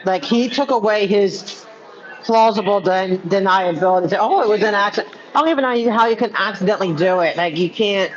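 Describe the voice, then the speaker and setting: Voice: mid-range voice, a little fast, slight background noise. A person chatting casually on a live stream, rambling with lots of "like" and restarts. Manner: rambling, many fillers and restarts. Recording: muffled with crowd chatter behind.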